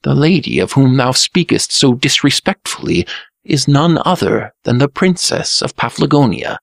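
A man's voice: medium pitch, animated, normal speed, vocal fry, no room sound, clean studio sound, pitched above the performer's own voice. A man voicing a nervous young prince who stammers and speaks in old-fashioned language in a storybook reading. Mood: earnest. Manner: stammering, archaic speech.

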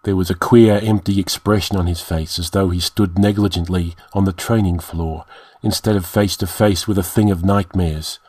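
A man narrating a dark fantasy story in a measured, dramatic reading. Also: low voice, steady tone, husky, no echo. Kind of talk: audiobook narration.

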